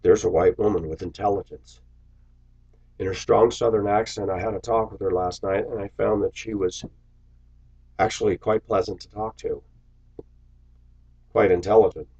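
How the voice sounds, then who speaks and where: Low raspy guy ranting bitterly at his viewers, muffled low-fi sound. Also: steady tone, moderate pace, long pauses, darkish tone. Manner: bitter, sarcastic, preachy. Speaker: vlogger. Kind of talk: ranting to camera.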